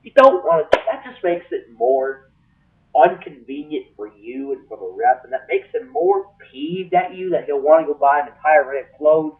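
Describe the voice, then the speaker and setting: A man ranting comically on a webcam, his voice leaping into shrill exaggerated bursts and swinging widely in pitch. He sits a little back from the mic, and the sound is thin and tinny, like a phone line. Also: very animated, moderate pace, distant mic. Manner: exaggerated, jumps into shrill high-pitched outbursts. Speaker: comedy vlogger.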